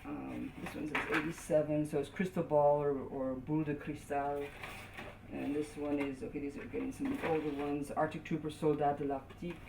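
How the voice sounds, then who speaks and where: A woman with a low voice walks through her toy collection in an unhurried show-and-tell. She stops often with ums and starts her sentences over as she reads the labels out. The home video carries a steady hiss of noise behind her. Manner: halting, lots of ums and restarts, reading out labels. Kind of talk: casual show-and-tell narration.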